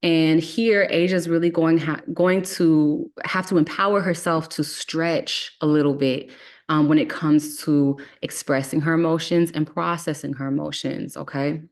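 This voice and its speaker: A woman's voice: low-pitched, steady tone, measured pace. A woman leads a casual online astrology class. She talks in a chatty, reassuring way. She keeps checking in with her listeners. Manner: chatty, reassuring, frequent "okay?" check-ins. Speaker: astrology teacher.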